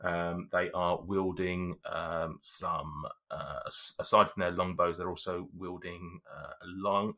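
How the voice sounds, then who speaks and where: A man's voice: deep voice, pushed and bright. A man acting as game master for a podcast tabletop game, describing the scene with frequent ums and teasing his players.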